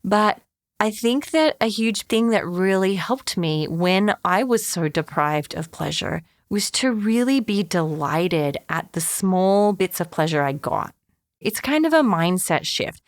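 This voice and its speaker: A woman's voice: medium pitch, lively intonation, a little slow, dry recording, studio quality. A woman hosting a solo podcast, talking earnestly and encouragingly to listeners as a therapist. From Australia. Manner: earnest, encouraging, repeats catchphrases.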